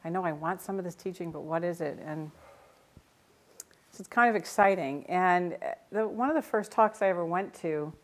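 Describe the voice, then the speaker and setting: An older woman, a Zen teacher, giving a conversational dharma talk in a meditation center, telling stories with gentle self-mocking humor. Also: on the low side, moderate pace.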